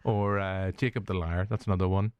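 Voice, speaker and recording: A man's voice: sits low, steady tone, brisk, clear, resonant tone, no room sound, muffled recording. A man with a Northern Irish accent hosting a film review podcast, chatting casually, joking, laughing often and swearing. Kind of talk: casual chat.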